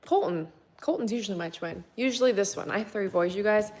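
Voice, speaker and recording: A woman's voice: medium pitch, brisk, a little mellow. Chatty woman vlogging from her kitchen. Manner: chatty, rambling, laughs often. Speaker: vlogger and mother of three boys. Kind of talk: casual chat with viewers while doing chores. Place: home kitchen.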